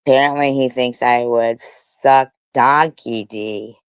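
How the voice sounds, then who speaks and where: A woman's voice: a bass voice, fairly even intonation, takes it slowly, smooth, no echo. A woman doing livestream commentary, reading comments aloud and reacting with indignation and heavy swearing. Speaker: commentary streamer.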